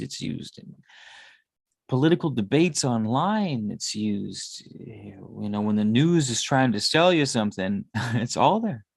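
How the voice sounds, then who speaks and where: A tarot reader and spiritual consultant in his thirties rambles casually through a monologue, swearing often. His medium-pitched voice is gravelly, and the recording has no room sound.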